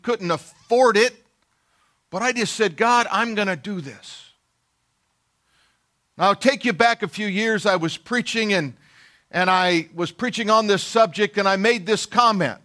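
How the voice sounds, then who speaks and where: Unhurried, a middle-aged man preaching in a high, bright voice tells a personal story. He pokes fun at himself in a folksy way and takes on the voices of people he quotes in this sermon.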